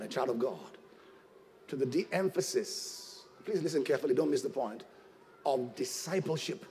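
A man preaching a sermon as pastor, shouting and lifting his phrases into a sing-song. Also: a little high, creaky, a little hiss or hum.

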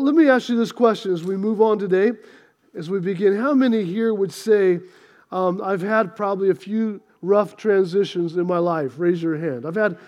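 Pastor, high, bright voice, jokey storyteller, preaching in a church. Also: male voice. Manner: storytelling, lively and joking, asks the congregation to respond. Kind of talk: sermon. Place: church sanctuary.

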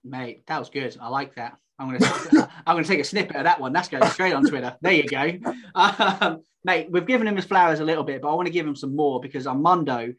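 A man's voice: mid-range voice, fairly bright tone. Easygoing man, says "mate". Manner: easygoing, laughs often, says "mate" a lot. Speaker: podcast co-host. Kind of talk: casual sports chat.

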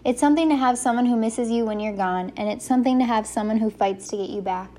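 A woman reading a first-person story aloud as an audiobook narrator, giving the characters lively voices. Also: on the high side, fast talker.

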